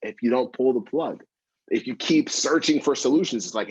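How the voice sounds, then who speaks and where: A man's voice: mid-range voice, moderate pace, husky, dry recording, dull audio. Encouraging man hosting an interview. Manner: encouraging, many fillers and repeats. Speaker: podcast host and co-founder. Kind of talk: interview and motivational talk.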